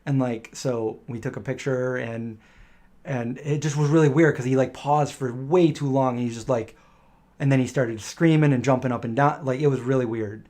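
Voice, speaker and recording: A middle-aged man chats through a live viewer Q&A. His voice sits at an ordinary, mid-range pitch, and he wanders from story to story, slipping into the voices of the people he describes. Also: fairly even intonation, normal speed, warm tone. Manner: rambling anecdotal storytelling, acting out quoted voices. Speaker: live stream host answering viewer questions. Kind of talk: casual live Q&A chat.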